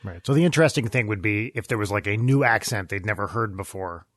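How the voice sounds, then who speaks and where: Male panelist; low, quick-talking, dry close-mic, casual chat. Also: a bit bright, no room sound. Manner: quick interjections and follow-up suggestions.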